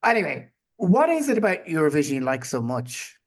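A man's voice: a little high, sing-song, a little fast. A man co-hosting a podcast, chatting casually with teasing, mock-formal interjections. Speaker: podcast co-host. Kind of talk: casual chat.

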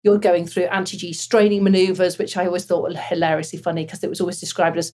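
A woman with a slightly breathy voice talks through her years as a fighter pilot. She tells it casually and animatedly, with bursts of laughter. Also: on the low side, quick pace, few pauses. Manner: animated, laughs while telling stories. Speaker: former fighter pilot guest. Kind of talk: casual interview storytelling.

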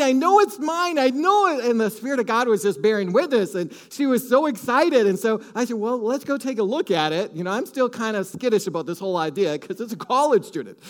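High-voiced storytelling preacher man. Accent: Minnesota. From Minnesota. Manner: animated storytelling with acted-out quotes and laughs. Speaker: pastor. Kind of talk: sermon storytelling.

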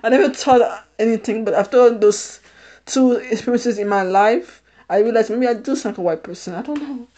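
A woman in her thirties with a fairly high voice, chatting on her podcast. She keeps laughing as she talks and often goes back over her own phrases to restart them. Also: moderate pace, warm tone. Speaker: podcast host. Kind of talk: casual personal storytelling.

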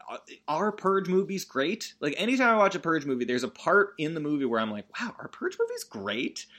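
A man's voice: mid-range voice, pushed and bright. A man hosting a comedic movie recap, talking in a rambling, self-interrupting, joking way.

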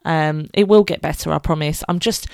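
A British woman chats through her solo podcast in a low, smooth voice with a gravelly edge. She is frank and informal, laughs easily and swears now and then. The sound is close and dry. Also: normal speed, a little mellow, dry recording. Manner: chatty, candid, laughs often, swears freely. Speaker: podcast host. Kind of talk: casual solo podcast chat.

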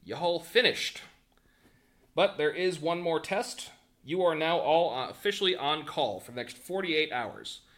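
A man voicing a curmudgeonly male elf official who gives gruff, commanding orders in a tabletop game. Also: on the high side, lively intonation, unhurried, fairly bright tone, pitched above the performer's own voice. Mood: stern. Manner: gruff, commanding, ultimatum-giving.

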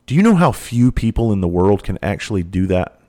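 A man's voice: on the low side, very animated, fairly quick, dark tone. A man speaking in a candid monologue, earnest and blunt, with casual cursing and repeated phrases. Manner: earnest, heartfelt storytelling. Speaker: trainer for first responders.

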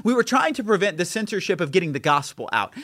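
A man preaching a fiery sermon in a somewhat high voice, hammering home each point with repetition. The sound is close and dry, with no room around it. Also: very animated, quick pace, fairly bright tone, no room sound. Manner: preaching with rising intensity and repeated challenges. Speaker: pastor. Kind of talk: impassioned sermon.

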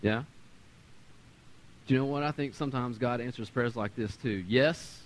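A man in his thirties preaching a sermon, animated, swinging between loud and quiet and acting out the voices he quotes. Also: mid-range voice, moderate pace, slight background noise. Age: 30s. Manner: acts out quoted voices in conversational storytelling. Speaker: pastor.

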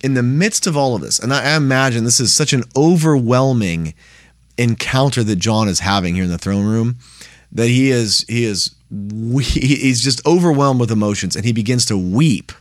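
A man's voice: mid-range voice, moderate pace, no room sound, studio quality. A man teaching a Bible study in a plain, conversational way, often checking in with "right?".

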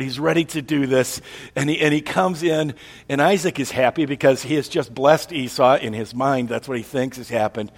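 A male preacher, husky-voiced, telling a story from the pulpit with dramatic swings in volume. Long reverb of a large hall hangs on his words. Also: medium pitch. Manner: dramatic, swings between soft and loud. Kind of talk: sermon retelling a story.

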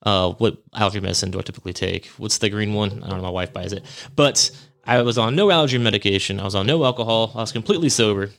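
A man's voice: lowish voice, quick pace, a bit bright. Rambling man telling a spooky pet story. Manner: rambling, self-correcting, chuckles at himself. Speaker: podcast host. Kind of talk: casual storytelling monologue.

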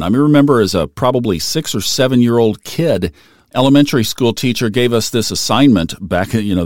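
Middle-aged man, low-pitched, earnest reflective storyteller, dry close sound. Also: no room sound. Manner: earnest, conversational, emotional at times. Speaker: storyteller recalling his career.

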